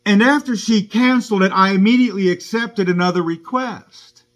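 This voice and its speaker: Speaking at normal speed in a high-pitched voice, a man who drives rideshare relates his confrontation with police firsthand, sounding indignant and wronged.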